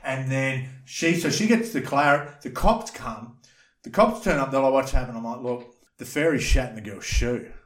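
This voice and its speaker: A man's voice: medium pitch, moderate pace, fairly bright tone. A man telling crude nightclub stories in a casual podcast chat, swearing and acting out the people he quotes. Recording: echoey room.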